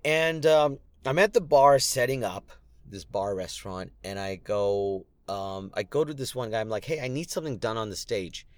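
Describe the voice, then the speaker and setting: A man's voice: on the low side, animated, moderate pace, no echo. A man casually telling a rambling, self-deprecating story to his viewers, full of restarts and fillers. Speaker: comedy night producer and content creator.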